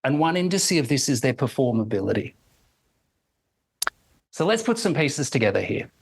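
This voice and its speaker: A man reads a prepared academic lecture aloud at a middle pitch. His delivery is measured and deliberate. He slows down to sound out each example phrase carefully. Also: rough recording. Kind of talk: reading a prepared academic talk.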